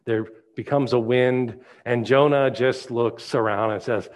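Male pastor, sermon, animated storyteller, mid-pitched voice. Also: measured pace, few pauses.

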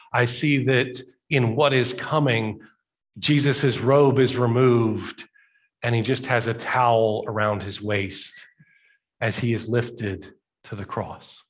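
Male pastor giving a sermon, chatty storytelling, slows down to make a point. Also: mid-range voice. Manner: conversational storytelling, slowing down for emphasis.

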